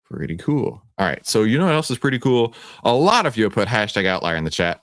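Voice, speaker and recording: A man with a Texan accent hosting a livestream, playful and teasing, often jumping to excited shouts. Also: on the low side, fast, few pauses, no room sound, studio quality. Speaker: livestream host. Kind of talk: animated livestream presentation.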